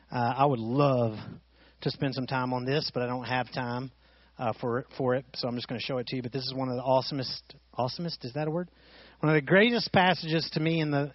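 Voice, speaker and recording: A man's voice: on the high side, no room sound, dull audio. A man preaching a sermon as pastor, reading scripture aloud and asking his listeners rhetorical questions.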